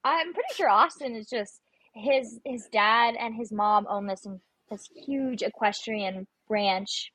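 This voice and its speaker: A woman's voice: on the high side, slow, a bit bright, no room sound, poor audio. A young adult woman, a guest on an interview show, telling stories in a chatty way and acting out her own panicked lines. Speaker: guest, competitive shooter. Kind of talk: casual interview chat.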